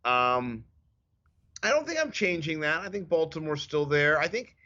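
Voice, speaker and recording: Podcast co-host, man in his 30s, bright lively delivery, slightly dull lo-fi audio. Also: on the high side, moderate pace. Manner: animated storyteller, acts out quotes. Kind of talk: casual sports chat.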